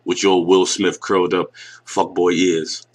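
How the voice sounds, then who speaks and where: A man in his forties with a Northeastern US accent delivers a blunt, mocking reaction rant to a clip as a YouTube commentator. He speaks unhurriedly in a low voice with little pitch movement.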